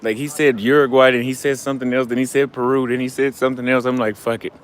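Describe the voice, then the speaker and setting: A fast-talking man with a mid-range, fairly flat voice films a casual street vlog on a handheld camera, out on a city street at night, with a little hiss or hum in the audio. The travel vlogger is slightly tipsy and breathless, rambling loosely with profanity and often trailing off mid-thought.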